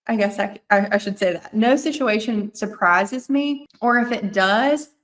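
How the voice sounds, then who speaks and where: A woman's voice: mid-range voice, measured pace. Woman w/ mississippi accent, lawyer on a podcast, earnest, explains stuff carefully and repeats the key bits. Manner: earnest, explanatory, restates points. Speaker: estate planning attorney, guest.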